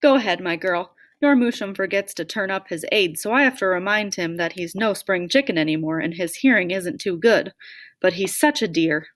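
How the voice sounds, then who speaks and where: A woman voicing an affectionate, bossy older grandmother who talks loudly and fondly. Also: lowish voice, lively intonation, normal speed, lightly acted. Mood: doting. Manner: loud, scolding then doting.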